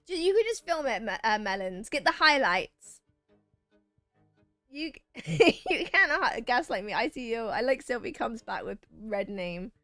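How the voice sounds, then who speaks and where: A woman's voice: on the high side, big pitch swings, unhurried, fairly bright tone, dry recording. A woman streaming a video game who chats playfully with her viewers, reading their messages aloud and bantering back. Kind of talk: casual chat with a live chat while gaming. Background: faint game music.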